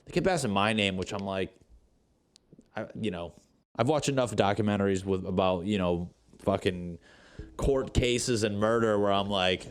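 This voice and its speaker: A young man with a lowish voice tells a story on his podcast, rambling and swearing freely. He slips into the voices of the people in the story as he goes. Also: moderate pace, clean tone. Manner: profane, rambling, acts out quotes. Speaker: podcast host. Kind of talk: casual storytelling monologue.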